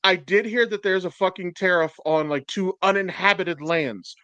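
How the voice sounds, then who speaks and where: Brief: chatty male podcast host, swears freely, fairly high voice, dry close sound. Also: normal speed, bright, forceful tone, clean tone, no echo. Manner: profane, rambling, laughs often. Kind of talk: casual chat.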